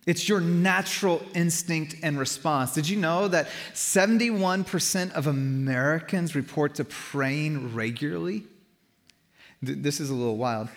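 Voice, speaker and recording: Lively pastor preaching in a reverberant hall. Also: male voice, fairly high pitch, unhurried. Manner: conversational, animated, laughing asides. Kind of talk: sermon. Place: church hall with a live congregation. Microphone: stage mic through a house sound system. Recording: long hall reverb from a church.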